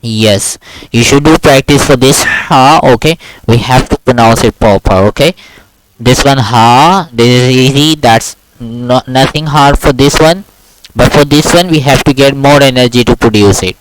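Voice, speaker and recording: A man with a medium-pitched voice, speaking at normal speed, teaches a patient, repetitive online Quran lesson one-on-one over a video call. He often asks "okay?" and models sounds, and a little hiss or hum is audible.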